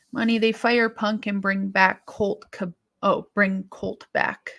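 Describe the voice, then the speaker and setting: A woman's voice: medium pitch, vocal fry, fairly bright tone. A woman co-hosting a wrestling live stream, chatting casually and thinking aloud with sighs and restarts as she reacts to viewer comments.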